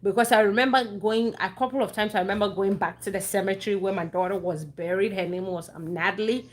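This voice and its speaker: A woman's voice: mid-range voice, fairly even intonation, fast talker. A young adult woman speaking earnestly and emotionally to her listeners, repeating phrases and restarting sentences as she shares a personal story. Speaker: host sharing a personal story. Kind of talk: heartfelt personal talk to listeners.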